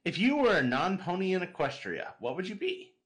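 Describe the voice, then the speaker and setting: Guy cohost reading out fan questions, lively voice, dry little jokes. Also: high voice, fairly quick. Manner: reads listener questions, dry quips. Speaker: podcast co-host. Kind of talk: casual podcast chat.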